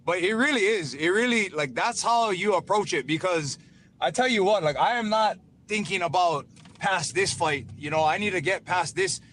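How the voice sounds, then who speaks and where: A man's voice: sits high, normal speed, slight background noise. A man, a professional fighter, calling into a radio show from his truck, talking with energy and easy slang. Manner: energetic, laid-back slang. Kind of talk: casual call-in interview.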